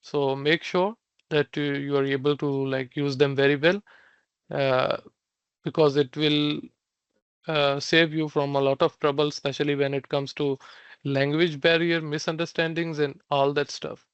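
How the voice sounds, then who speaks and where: A man's voice: a little high, level tone, smooth, dry recording. Man teaching Mandarin phrases, dull lo-fi sound. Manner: explains slowly, repeating Mandarin phrases with fillers like "uh" and "like". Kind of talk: online language class.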